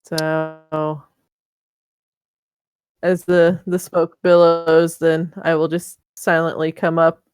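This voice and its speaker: A woman's voice: deep voice, completely flat delivery, slow, long pauses, a little mellow, smooth, no room sound. A woman playing a tabletop game over a voice call, thinking her move through aloud with hesitant fillers. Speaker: player. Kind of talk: casual tabletop game talk.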